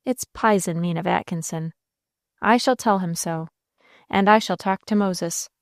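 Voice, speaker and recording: A woman voicing a gruff but kindly old male sea captain who talks in a slow, folksy rural dialect with a confidential tone. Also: lowish voice, dry recording, clean studio sound.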